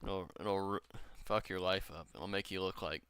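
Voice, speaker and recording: A man's voice: low voice, steady tone, moderate pace, a bit bright, clean tone. A man from Washington state chatting casually on his gaming stream, rambling and swearing, a little drunk. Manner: rambling, profane, chatty with viewers.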